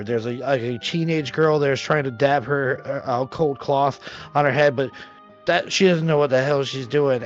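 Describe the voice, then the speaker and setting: A man narrating a tabletop game as game master, with a halting delivery full of fillers, in a dull lo-fi recording with faint music. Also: a little high.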